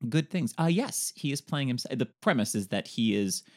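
A man's voice: medium pitch, moderate pace. A man co-hosting a casual film podcast, laughing often and talking with animation. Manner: laughs often, animated, sings bits of the intro. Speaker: podcast co-host. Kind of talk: casual chat.

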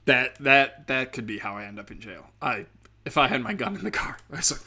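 A man's voice: mid-range voice, brisk, pushed and bright. Profane, rambling man ranting. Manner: profane, rambling, darkly sarcastic. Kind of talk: casual comedic rant.

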